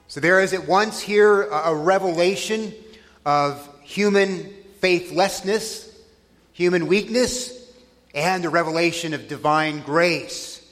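A man preaching a sermon in a deliberate way, with dry irony. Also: high voice, fairly bright tone. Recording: long reverb of a large hall.

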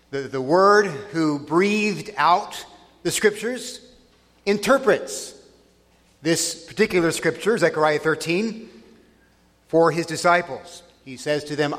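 A man preaching a sermon in a deliberate way, with dry irony. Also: fairly high pitch, a bit bright. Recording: long reverb of a large hall.

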